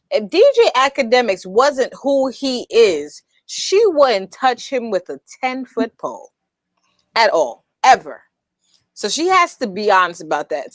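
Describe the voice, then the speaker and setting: A woman's voice: on the high side, dry recording. A woman co-hosting a casual podcast chat, blunt and opinionated, often laughing. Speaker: co-host.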